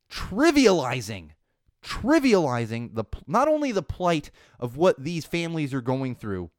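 A man hosting a podcast alone, ranting about the news in a profane, indignant way that swings between low asides and loud outbursts. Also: very animated, normal speed, no room sound, clean studio sound. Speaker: podcast host. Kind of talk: solo podcast rant. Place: small studio.

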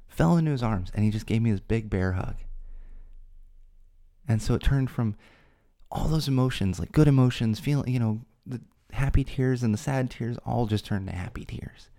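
A man's voice: medium pitch, normal speed, gravelly, mellow. A man hosting a podcast, telling a personal story in an earnest, candid way. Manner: earnest, candid, talks from the heart. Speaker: podcast host.

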